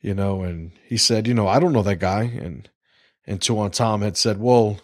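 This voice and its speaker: A man's voice: fairly low pitch, normal speed, no room sound, studio quality. A man hosting a casual livestream podcast, rambling, swearing freely and restarting his sentences. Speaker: podcast host.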